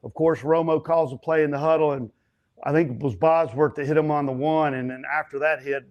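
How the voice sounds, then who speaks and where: A stuntman and actor telling set stories as an interview guest, animated and chatty, acting out other people's lines. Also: on the high side, brisk, lo-fi sound. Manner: frequent fillers and restarts. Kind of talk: casual storytelling interview.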